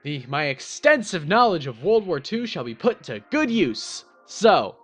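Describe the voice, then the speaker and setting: A man hosts his own strategy gameplay video, and his slightly high voice leaps all over the place as he jokes. He's excitable and quick to mock himself. Faint music plays beneath him. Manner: excitable, jokey, self-mocking. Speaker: gaming channel host. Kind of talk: energetic gameplay commentary.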